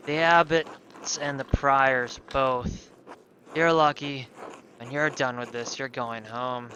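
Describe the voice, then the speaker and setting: A homesick young monk who has made peace with a lifetime of copying for his superiors, as a man puts him on. He speaks with a faint put-on foreign lilt. The voice is bright and unhurried. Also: medium pitch, fairly even intonation, slight background noise, rough recording. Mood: resigned. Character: young male monk far from home, resigned.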